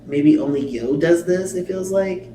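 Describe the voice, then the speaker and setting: A man's voice: on the high side, unhurried, warm tone. A man hosting a reaction video, bluntly commenting and reading subtitles aloud with swearing and exasperation. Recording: echoey room, mic at a distance, faint noise.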